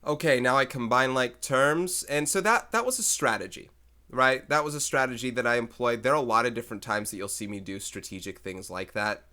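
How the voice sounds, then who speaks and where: A man's voice: mid-range voice, fairly quick, pushed and bright. A man teaching math in a recorded lecture, chatting and thinking aloud as he works through problems.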